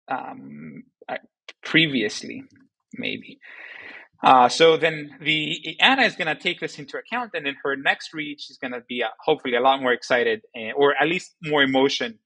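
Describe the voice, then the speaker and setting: A man presenting a software tutorial in a loose, conversational way, with many fillers and tag questions. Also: medium pitch, gravelly, poor audio. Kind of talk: casual screen-recorded tutorial.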